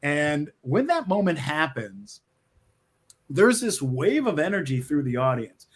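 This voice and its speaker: A man's voice: fairly high pitch, a little slow, husky. A middle-aged man, a screenwriter, telling stories in an interview over a video call from his office, restarting sentences and laughing often. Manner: animated storyteller, frequent restarts, laughs often. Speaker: screenwriter, guest. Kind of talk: conversational interview.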